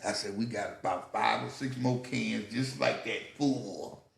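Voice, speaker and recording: A man's voice: lowish voice, measured pace, gravelly. An older man telling stories about his youth in casual podcast talk, acting out other people's voices, swearing freely and laughing often. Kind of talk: casual storytelling. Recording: echoey room.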